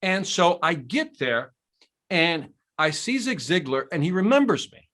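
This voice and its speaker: A man telling a story as a guest on a podcast, animated and enthusiastic, in casual conversation. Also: fairly high pitch, measured pace. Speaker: podcast guest, sales trainer.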